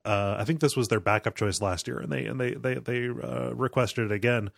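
A man's voice: mid-range voice, brisk, gravelly, no echo, clean studio sound. An American man co-hosting a podcast in casual chat, often restarting his sentences. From United States. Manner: hesitant, stammering restarts. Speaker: podcast co-host.

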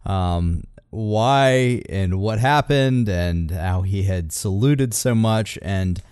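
A man giving casual commentary on a speech clip, relaxed and full of fillers. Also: lowish voice, slow, clear, resonant tone, no room sound, clean studio sound. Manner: relaxed, many fillers, breaks off to mimic quotes.

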